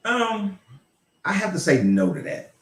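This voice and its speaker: A man's voice: high voice, wildly swooping pitch, unhurried, fairly bright tone, reverberant. A man hosting a casual livestream chat, blunt and rambling, with profanity and laughs. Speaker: host.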